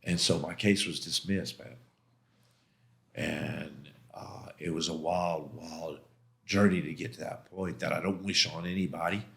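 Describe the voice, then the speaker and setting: A middle-aged man, a podcast guest, telling his life story in an animated, casual way, often calling the host "man" and acting out what others said. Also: very deep voice, measured pace, vocal fry. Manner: animated, acts out quoted voices, frequent "man". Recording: roomy studio echo.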